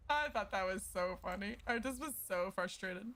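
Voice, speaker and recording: A woman streamer chatting casually out of character to her viewers, animated, swearing freely and laughing through her frustration. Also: mid-range voice, rough recording. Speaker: streamer playing a lawyer in roleplay.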